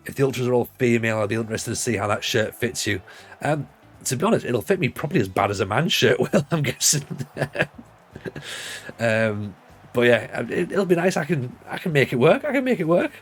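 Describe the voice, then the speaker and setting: A man's voice: mid-range voice, expressive, brisk, slightly rough. A man in his forties with a Northeast English accent, chatting casually and rambling on a livestream, laughing easily. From Northeast England. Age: 40s.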